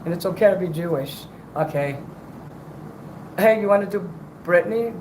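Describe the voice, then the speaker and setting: A man's voice: high-pitched, normal speed, reverberant, background noise. A man livestreaming and chatting between karaoke songs, talking in a profane, rambling way with a strained, worn-out voice. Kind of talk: livestream chat with karaoke singing.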